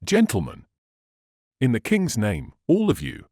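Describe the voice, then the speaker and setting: A man voicing a suspicious coach guard who growls warnings and shouts threats. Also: on the low side, sing-song, moderate pace, no echo, clean studio sound. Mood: alarmed shouting. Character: suspicious, gruff male coach guard with a blunderbuss.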